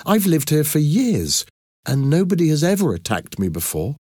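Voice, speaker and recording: A man reading an audiobook and voicing a calm, reassuring woman. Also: on the high side, normal speed, husky, dry recording, clean studio sound, pitched above the performer's own voice, full character voice. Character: calm, caring woman living in the city.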